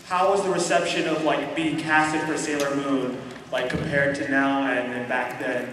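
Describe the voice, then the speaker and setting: A man's voice: medium pitch, level tone, normal speed, a bit bright, slight background noise. A man in a convention panel audience, asking a slightly fumbling question. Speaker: audience member. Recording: echoey hall mic from far off.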